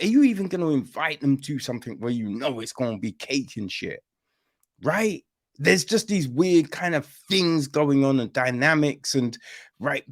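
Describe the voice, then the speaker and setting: A man's voice: medium pitch, a bit bright. A man hosting a podcast in casual chat, swearing freely and checking in with "right?" and "you know what I mean?". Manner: swears freely and uses slang; acts out quoted reactions in shifting voices. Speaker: podcast host reviewing a film.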